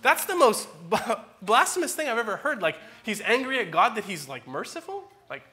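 A man in his forties, a pastor preaching a church sermon with animated, dramatic emphasis that swings between loud peaks and quiet asides. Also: high-pitched, a little fast.

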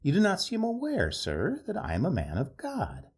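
A man voicing a stiff, pompous male clergyman in a storybook reading, raising his pitch in severe indignation, with a husky tone. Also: wildly swooping pitch, normal speed, a little mellow, heavily acted. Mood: indignant.

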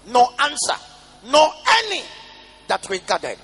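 A male pastor preaching a sermon, reading scripture in a sing-song chant and breaking into shouted declarations. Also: sits high, huge pitch swings, a little slow. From Nigeria. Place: large church hall. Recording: reverberant church hall with music behind.

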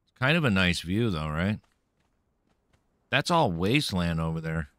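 A slightly caffeinated man streams a let's-play, playfully talking to himself and taunting the enemies he encounters. His low voice has big pitch swings, an unhurried pace, and a bit of brightness, in a dry, clean studio recording.

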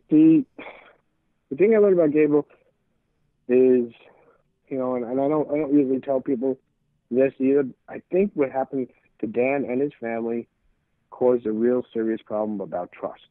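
Speaking at a normal speed with frequent pauses, a man in his 60s with a medium-pitched voice tells stories in a casual podcast interview. He rambles and restarts phrases as he acts out old conversations, heard over a dry, tinny, phone-like line.

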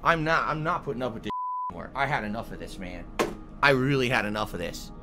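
A man's voice: mid-range voice, quick pace, music in the background. A male streamer ranting angrily and swearing, full of indignant outbursts. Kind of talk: angry stream rant.

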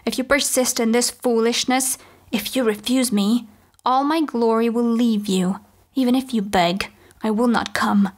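Lady reading an icy bossy goddess, biting words, kinda high voice. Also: steady tone, unhurried. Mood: imperious. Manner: cold, imperious, biting. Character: proud, wrathful goddess, female, ageless.

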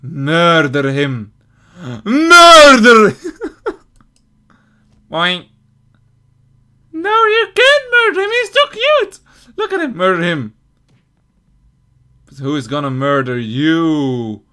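A woman playing a video game with commentary, loud and giggly, shouting and laughing often. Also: on the low side, sing-song, slow pace, pauses often. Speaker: gamer.

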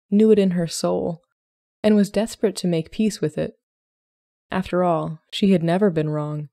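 A woman podcast host narrating a short story in a calm, measured way. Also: fairly low pitch, dry recording, studio quality. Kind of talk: scripted narration.

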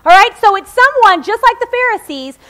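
Woman, forties, sermon, chatty and humorous, very high pitch, bright tone. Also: very animated, fairly quick. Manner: conversational and joking, checks in with "okay?". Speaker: preacher.

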